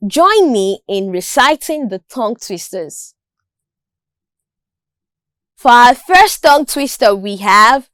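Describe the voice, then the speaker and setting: A woman's voice: on the high side, very animated, slow, pauses often, a bit bright, clear, resonant tone, no echo. A woman teaching a school lesson, carefully enunciating words for pronunciation drills.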